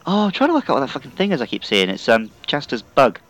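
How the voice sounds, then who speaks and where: A man's voice: medium pitch, wildly swooping pitch, fast talker, a bit bright, rough recording. A man co-hosting a gaming podcast, sleepy and sweary, laughing often in casual chat. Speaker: podcast co-host.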